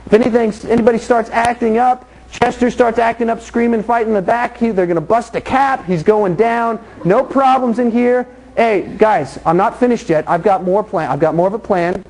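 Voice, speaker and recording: A man's voice: high voice, moderate pace, hardly any pauses, darkish tone, rough recording. A man preaching a casual, joking sermon to a youth group, acting out little scenes with people from the group. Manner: joking, illustrates with acted scenes from the congregation. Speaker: youth pastor.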